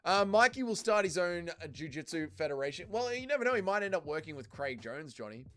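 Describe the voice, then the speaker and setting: A man's voice: a little high, sing-song, fast, a bit bright. A man hosting a casual livestream, reading viewer comments aloud and answering them in a loose, profane way. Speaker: livestream host reading chat.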